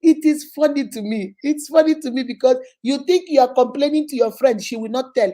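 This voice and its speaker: A woman's voice: high voice, brisk, hardly any pauses, dark tone. A Nigerian woman hosting a casual advice session, talking animatedly and laughing often as she acts out phone calls. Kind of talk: casual live advice chat.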